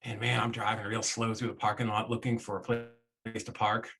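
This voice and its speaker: A man's voice: lowish voice, moderate pace. A man, a real estate investor, telling a personal story in a casual interview, acting out the voices of the people in it. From Florida, USA. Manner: animated storyteller, acts out quoted voices, many restarts.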